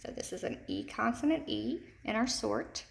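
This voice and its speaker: Woman teacher, slightly high voice, slow careful phonics lesson for kids. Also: animated. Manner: slow, deliberate, repeats words clearly; speaks to young children, checks with "okay?". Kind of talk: recorded remote phonics lesson.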